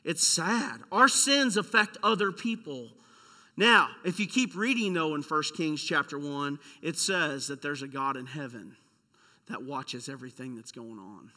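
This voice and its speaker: A man's voice: a little high, animated, a little slow, sharp tone, big-room sound. A male pastor preaching a sermon, emphatic and full of rhetorical questions, retelling scripture stories.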